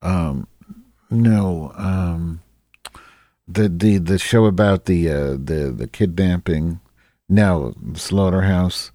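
A man's voice: low voice, takes it slowly, warm tone, no room sound, studio quality. A man doing Madge, a rambling crude woman. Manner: rambling, distracted, loses track with many fillers. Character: rambling distracted woman named Madge, crude and self-mocking. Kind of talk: solo comedy monologue.

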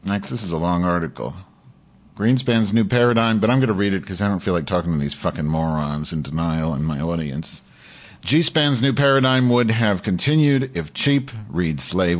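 A male show host reading an article aloud, breaking off for sardonic, profane asides. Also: low voice. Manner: sardonic, profane asides between read passages.

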